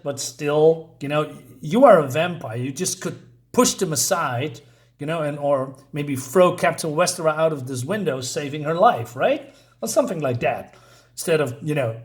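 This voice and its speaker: A man's voice: fairly high pitch, animated, normal speed. Chatty man reviewing comics. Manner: chatty, tags lines with 'right?' and 'you know', reads panels aloud. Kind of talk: casual review chat.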